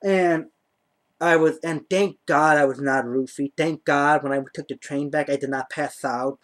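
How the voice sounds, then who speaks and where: A man's voice: fairly high pitch, fairly even intonation, unhurried. A man telling a personal story to the camera in a rambling, profane way, full of "like.". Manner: rambling, profane, heavy use of "like". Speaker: vlogger.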